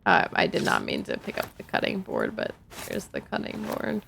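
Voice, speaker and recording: Chatty woman streamer with a gravelly voice. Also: rumbling low, huge pitch swings, normal speed, fairly bright tone, slight background noise. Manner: chatty, reads in-game notes aloud. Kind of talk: casual gameplay commentary.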